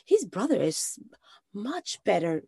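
A Scottish woman in her late twenties, a guest on a casual podcast, chatting in an animated way with quick asides. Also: medium pitch, creaky, husky, no echo, studio quality. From Scotland. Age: 20s. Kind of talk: casual chat.

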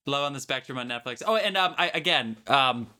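A man co-hosting a casual film podcast, joking around and reading off long lists of movies quickly. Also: medium pitch, animated, pushed and bright. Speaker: podcast co-host.

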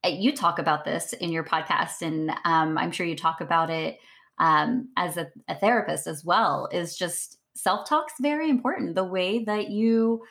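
A woman hosting a casual interview who speaks in a relaxed, measured way and laughs along with her guest. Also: lowish voice, creaky. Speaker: interviewer, host.

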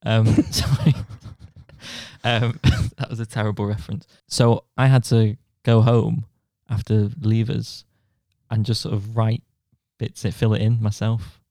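A man's voice: lowish voice, flat delivery, a little slow, warm tone, dry recording, clean studio sound. A young man in his twenties co-hosting a podcast, telling self-deprecating stories with frequent laughs. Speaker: podcast co-host. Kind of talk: casual chat.

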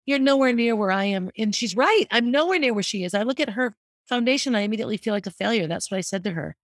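A woman's voice: a little high, animated, fast, no echo, clean studio sound. A middle-aged woman hosting a podcast, talking candidly and earnestly in a reflective monologue. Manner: candid and earnest, speaking openly about grief. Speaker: podcast host.

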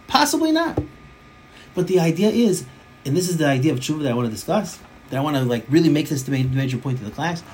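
A man's voice: a little high, darkish tone, slight background noise. A man teaching a Torah class as a rabbi, emphatic, often repeating phrases for stress and mixing in Hebrew and Yiddish terms.

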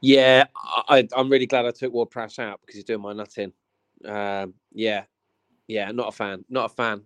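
A man's voice: fairly low pitch, fairly even intonation, normal speed, a bit bright, clean tone, no room sound. A man hosting a podcast, easygoing and teasing in casual chat. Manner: easygoing, teasing, laid-back.

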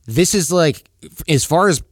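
A man's voice: fairly high pitch, lively intonation, normal speed, no echo, studio quality. Rambling emotional man on a podcast. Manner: emotional, rambling, lots of fillers and swearing. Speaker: podcast host. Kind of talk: candid podcast conversation.

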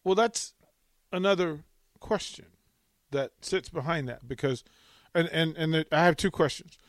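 A man's voice: a little high, dry recording. A man co-hosting a casual sports talk show, firing off probing questions. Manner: probing, quick-fire questions.

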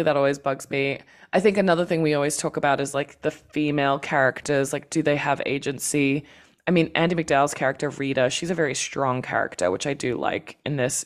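A woman co-hosting a film podcast, chatting casually in rambling, quick bursts. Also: deep voice. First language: not American. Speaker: podcast co-host.

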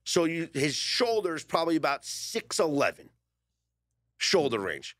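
Animated, joking sports radio host man. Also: on the high side, unhurried, no room sound, studio quality. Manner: joking, animated, reads quotes aloud. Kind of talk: casual sports talk banter. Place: radio studio in Las Vegas. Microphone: studio microphone.

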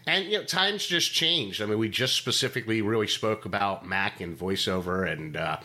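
A male podcast guest with a bright, forward tone who talks wryly and frankly. It is relaxed conversational chat. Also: on the low side, normal speed. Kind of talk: casual chat.

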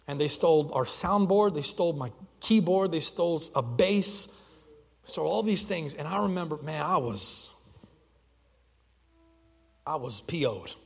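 A man's voice: a little high, slightly rough, long reverb tail. A young man preaching a sermon as pastor, telling stories in a conversational way with frequent restarts. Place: church sanctuary.

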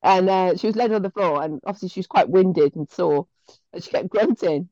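A woman's voice: fairly low pitch, a little fast, dark tone, no room sound, highs cut off. A woman co-hosting a podcast, telling stories in a chatty, sweary way with laughs mid-story. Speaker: podcast co-host. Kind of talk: casual chat.

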